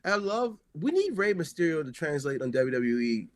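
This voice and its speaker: A man co-hosting a wrestling podcast, chatting casually and excitedly, rambling with lots of filler words. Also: a little high, moderate pace. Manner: excitable, rambling, heavy use of "like". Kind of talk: casual chat.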